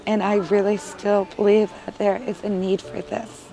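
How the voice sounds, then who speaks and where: A woman's voice: medium pitch, flat delivery, moderate pace, few pauses, warm tone, faint music behind, low-quality recording. A woman, a mother of three boys, giving an earnest, emotional interview testimonial with frequent filler words.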